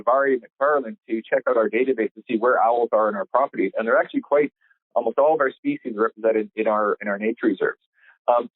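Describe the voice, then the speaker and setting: A man, a biologist, explaining things in a measured way with frequent pauses on a conference call. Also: mid-range voice, dry recording. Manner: measured, hesitant fillers. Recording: tinny phone line, dry.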